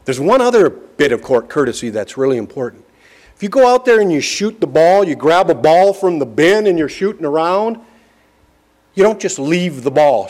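A middle-aged man preaching in an easygoing, folksy way, his voice sitting a little high. He leans on slow, deliberate phrases to drive each point home. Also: a little mellow. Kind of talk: sermon with personal story.

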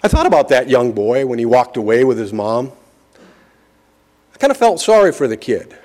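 A middle-aged man giving a sermon, telling a folksy personal story with slow, emphatic phrasing. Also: medium pitch, very animated, darkish tone. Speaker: preacher.

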